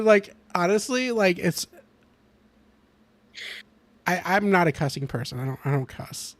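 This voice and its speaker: A man's voice: high voice, lively intonation, measured pace, pauses often, no room sound. A young man hosting a casual podcast chat, rambling with lots of fillers and restarts. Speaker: podcast host.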